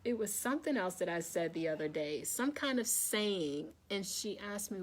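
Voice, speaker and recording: A woman's voice: medium pitch, animated, moderate pace. A woman hosting a casual wellness live chat, talking straight to her viewers, calling them y'all, checking that they are still with her and repeating her points to encourage them.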